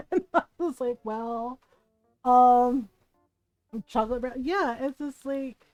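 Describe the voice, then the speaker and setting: A woman streamer from the United States telling a family story in casual, animated chat while she plays, laughing often and checking in with "right?". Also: high-pitched, drawn-out words, dry recording, faint music behind, low-quality recording. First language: bilingual in Tagalog.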